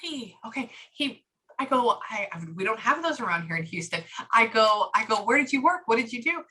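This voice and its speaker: A woman giving a psychic reading, relaying a spirit's words in chatty, lively bursts. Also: on the high side, a little fast, poor audio. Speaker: psychic medium.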